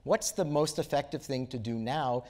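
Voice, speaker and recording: A man's voice: mid-range voice, normal speed, a little mellow. A man moderating an onstage conversation, posing long, conversational questions. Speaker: interviewer, moderator. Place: auditorium stage.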